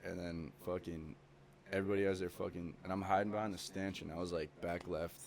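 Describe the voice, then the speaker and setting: Young male podcast guest, low-pitched, loose and profane storyteller. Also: steady tone, a little fast, gravelly, darkish tone, a little hiss or hum. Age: young adult. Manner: swears constantly, rambling with many fillers. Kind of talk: casual chat.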